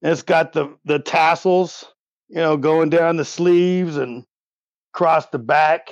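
A man in his forties serves as game master, laid-back and joking as he narrates. His voice is gravelly. The recording is dull and lo-fi, with a dry sound. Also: on the high side, fairly even intonation, slow, no echo. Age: 40s.

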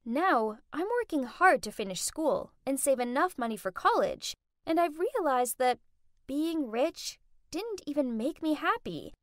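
Dramatic lady telling a story, high and bouncy, dry close mic. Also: very animated, measured pace, fairly bright tone, no room sound. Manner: dramatic, gushing. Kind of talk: animated first-person story narration.

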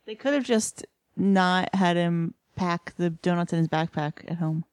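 A woman co-hosting a podcast, playful and quick to laugh, adding dry asides to the recap. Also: lowish voice, a little mellow, no echo. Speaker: podcast co-host. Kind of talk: casual episode recap chat.

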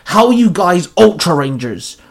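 A man's voice: sits high, very animated, moderate pace, creaky, voice pushed up, full character voice. A man voicing an angry, resentful male ranger who barks and snaps at the others. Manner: snappish, barking.

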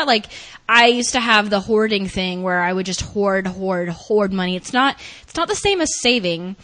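A woman's voice: medium pitch, lively intonation, moderate pace, bright, forceful tone. A woman hosting a casual chat, reflecting openly on her own habits.

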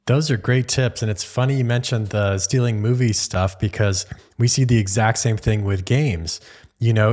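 An easygoing male podcast host with a fairly low voice. He responds to his guest in a relaxed, thoughtful way. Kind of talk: casual interview talk.

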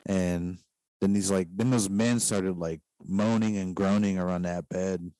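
Low-voiced man telling a rambling story. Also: steady tone, a little slow, warm tone, dry recording, poor audio. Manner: rambling, heavy use of "like" fillers. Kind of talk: casual storytelling.

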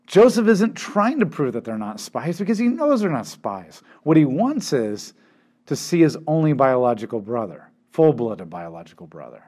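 A man teaching through a Bible passage, retelling it with animated quoted voices and asides to his listeners. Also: mid-range voice, normal speed. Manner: animated storytelling, acting out quotes.

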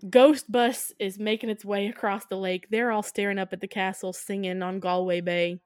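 A woman co-hosting a podcast and retelling a film's plot in casual conversation. She keeps breaking into little character voices as she goes. Her pitch sits in a middle range, and the sound is dry and close with no room around it. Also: clean tone, no room sound. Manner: animated retelling, acting out characters' lines in quick voices. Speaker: podcast co-host. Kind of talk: casual film recap chat.

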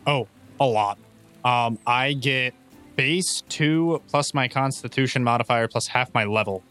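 A man's voice: medium pitch, measured pace, sharp tone, clean tone, faint music behind. A man playing a tabletop game, joking and explaining the rules to the others. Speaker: player.

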